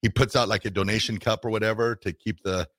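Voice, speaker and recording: A morning radio host chats casually with his co-hosts and signs off to listeners. His voice is mid-pitched and bright. The sound is close and dry. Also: fairly even intonation, fast talker, dry recording.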